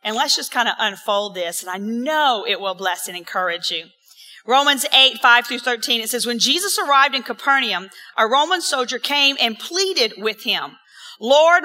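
A woman pastor giving an earnest, encouraging sermon in an empty auditorium, reading scripture slowly and repeating key words for emphasis. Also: on the high side, expressive, pushed and bright.

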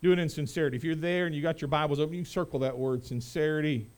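This middle-aged pastor's sermon climbs to loud proclamation and falls to quiet asides in a conversational tone. His voice sits on the high side with a steady tone, delivered rapid-fire.

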